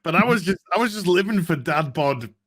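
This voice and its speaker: A man's voice: high voice, expressive, a little fast, a bit bright. A man hosting a casual live stream, chatting and greeting viewers in the chat one by one.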